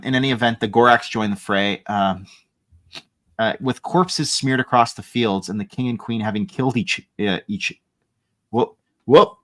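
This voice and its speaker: Low-voiced man hosting a book club. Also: fairly bright tone. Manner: reads passages aloud with asides and restarts. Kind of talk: casual chat reading aloud from a novel.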